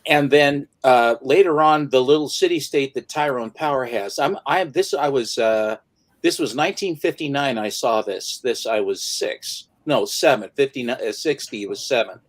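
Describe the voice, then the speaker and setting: A man's voice: mid-range voice, normal speed, low-quality recording. A man in his seventies in casual chat, telling a story vividly and acting out each scene. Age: 70s. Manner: vivid storyteller who acts out the scenes he retells.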